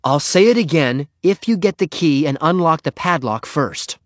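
An impatient schoolboy in a storybook, voiced by a male narrator. He speaks a little higher than the narrator, pleading and bargaining with a lively, rising delivery, in a dry close recording. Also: moderate pace, no room sound, natural voice.

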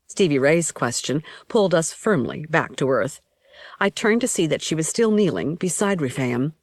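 Low-voiced woman narrating an audiobook. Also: animated, normal speed, darkish tone, no room sound, clean studio sound. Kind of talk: first-person audiobook narration.

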